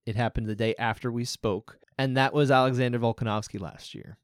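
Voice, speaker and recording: A man's voice: medium pitch, fairly even intonation, a little fast, no room sound, studio quality. A man co-hosting a podcast, telling anecdotes in a chatty, casual way. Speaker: podcast co-host.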